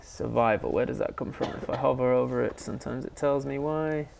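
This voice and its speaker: A man's voice: mid-range voice, brisk, gravelly, background noise. Rambling man running a tabletop game. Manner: rambling, many fillers, laughs easily. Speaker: game master.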